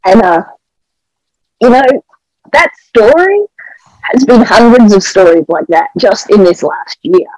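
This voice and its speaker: A woman's voice: medium pitch, lively intonation, unhurried, pauses often, a little mellow, no echo, rough recording. A middle-aged Australian woman, the wife of a pastor, tells church stories in an earnest and emotional way, with a lot of animation. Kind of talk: testimony storytelling on a podcast.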